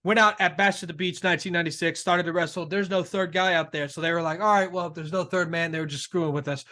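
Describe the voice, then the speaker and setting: An excitable man co-hosts a casual wrestling chat. His voice sits high and sounds bright and forward, and he gushes about the moments he loves and laughs often. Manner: excitable, gushing, quick to laugh. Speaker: co-host.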